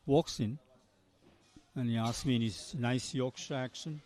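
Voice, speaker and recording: A man's voice: mid-range voice, steady tone, moderate pace, long pauses, darkish tone. An older man from Sri Lanka, commentating live cricket and telling long chatty anecdotes between balls. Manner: chatty storyteller, drifts between anecdotes and play calls.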